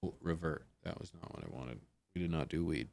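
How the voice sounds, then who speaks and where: A man's voice: a bass voice, brisk, gravelly, a little mellow, no echo. A man hosting a casual livestream, laughing and muttering to himself as he sorts out his monitors. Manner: laughing, muttering to himself while fixing tech. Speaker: livestream host.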